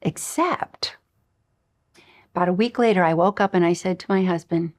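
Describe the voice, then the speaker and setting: Animated woman telling a story as a teacher. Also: fairly low pitch, fast. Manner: animated storyteller, acts out dialogue. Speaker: spiritual teacher. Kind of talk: recorded lesson with personal stories.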